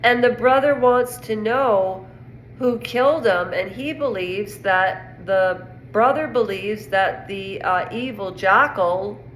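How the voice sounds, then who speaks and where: A woman's voice: mid-range voice, slow pace, a bit bright. A woman from Canada giving a rambling, indignant casual opinion monologue on pop culture. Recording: echoey room with faint noise.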